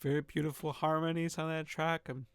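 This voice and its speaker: A man reviewing his own songs in casual spoken commentary, talking in a halting, reflective way with frequent nervous laughs and the odd casual swear. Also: fairly high pitch, level tone, clear, resonant tone.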